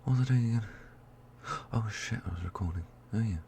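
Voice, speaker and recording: A man's voice: on the low side, quick pace, gravelly, warm tone, slight background noise. A man doing whispered ASMR outtakes on a close microphone, self-deprecating and giggly, slipping between whispers and normal speech. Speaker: ASMR storyteller.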